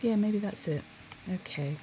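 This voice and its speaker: A sleepy woman streaming her drawing live, musing quietly to herself and greeting chat viewers. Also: medium pitch, a little slow, a little hiss or hum. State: sleepy, yawning.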